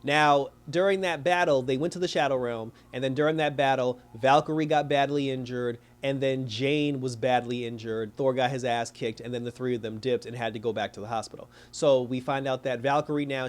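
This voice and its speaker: A man recapping a movie plot in a casual, slangy, profane way, acting out characters' lines as he goes. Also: mid-range voice. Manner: animated, slangy, profane, retells scenes with quoted voices. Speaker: movie reviewer.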